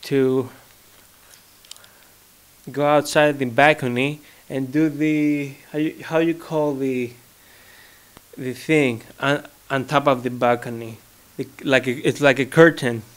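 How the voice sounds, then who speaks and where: Slow-talking young Greek-accented man. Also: medium pitch, fairly even intonation, clear, resonant tone. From Greece. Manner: rambling, joking, searches for words. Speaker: vlogger. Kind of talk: casual solo monologue. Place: his home.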